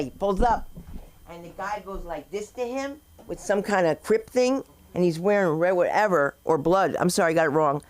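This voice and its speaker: Chatty, teasing open mic hostess. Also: female voice, mid-range voice, expressive, fairly quick. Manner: chatty, teasing banter with the comics. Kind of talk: hosting a comedy open mic.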